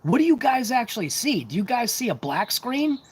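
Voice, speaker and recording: A man's voice: very high-pitched, sing-song, moderate pace, husky. A man hosting a casual hobby livestream, chatting to viewers in a rambling, talkative, self-deprecating way. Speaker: RC hobby channel host.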